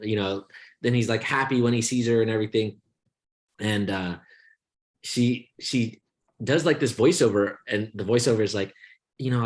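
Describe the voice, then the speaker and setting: A young man co-hosting a podcast, telling long rambling stories in casual chat and swearing freely as he mocks the people in them. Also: medium pitch. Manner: rambling storytelling, swears freely, mocking quoted voices. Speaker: podcast co-host.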